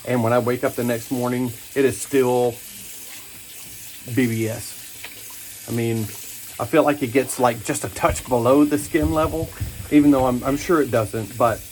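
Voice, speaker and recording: A man in his thirties hosting a casual shaving vlog at his bathroom sink, relaxed and enthusiastic, humming in approval. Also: mid-range voice, a little hiss or hum. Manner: relaxed, enthusiastic, chatty with small hums of approval. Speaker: wet shaving channel host. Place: home bathroom at the sink, indoors.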